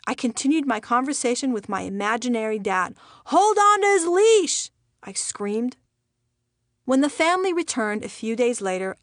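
A woman from Iran reads her own memoir aloud as an audiobook, with wry, dry humor. Her voice is on the high side, in a dry recording.

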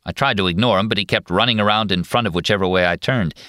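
A man narrating a novel in a steady, measured first-person telling. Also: fairly low pitch, no room sound, studio quality. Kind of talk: audiobook narration.

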